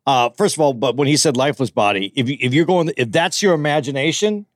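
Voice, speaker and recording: A man's voice: medium pitch, fast, dry recording, studio quality. A man co-hosting a comedy podcast who chats casually and often restarts his sentences. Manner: lively, stammering restarts. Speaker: podcast co-host.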